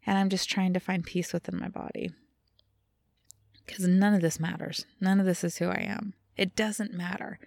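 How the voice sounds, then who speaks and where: A woman's voice: fairly low pitch, flat delivery, normal speed, creaky, darkish tone, no room sound, studio quality. A woman co-hosting a podcast, talking candidly and rawly about her feelings, swearing freely and laughing at herself. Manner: raw, confessional, swears freely, self-deprecating laughs. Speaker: podcast co-host. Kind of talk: candid casual chat.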